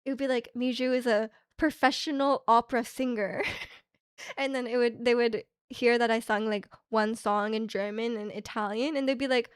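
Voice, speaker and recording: Young woman, from Canada, streamer, casual rambling chat, lots of fillers, slightly high voice, dry close sound. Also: fairly even intonation, moderate pace, smooth, dry recording. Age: young adult. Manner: rambling, heavy use of "like" fillers, frequent laughs.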